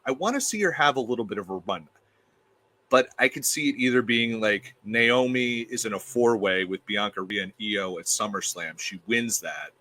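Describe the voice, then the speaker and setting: A man's voice: on the low side, moderate pace, sharp tone. A man appearing as a guest reviewer, talking in an emphatic, opinionated way and often repeating himself. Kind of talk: casual opinionated chat.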